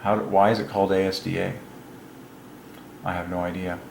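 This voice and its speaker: A man with a fairly low voice hosts his own video channel in an excited solo monologue. He rambles, exclaims and chuckles between phrases. The recording is roomy and echoey, with a faint hum of ambience behind him. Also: moderate pace, creaky.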